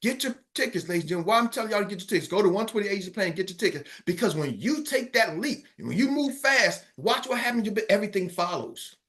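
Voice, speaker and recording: A middle-aged man coaching a team in a motivational talk on an online call, energetic and repetitive, often checking that his listeners are with him. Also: high voice, quick pace, few pauses. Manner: energetic, repetitive, keeps asking the audience if they follow. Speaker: business coach.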